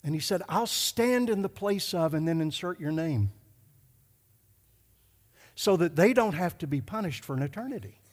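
A middle-aged male pastor telling a story in a sermon, emphatic and slowing down to stress his points. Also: on the high side, expressive. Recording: hall reverb.

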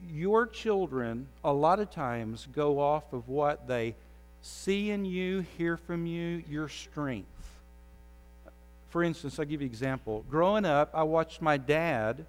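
A man's voice: on the high side, animated, takes it slowly, big-room sound, soft background music. A man preaching a conversational sermon as the pastor. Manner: conversational preaching, pleading with the audience.

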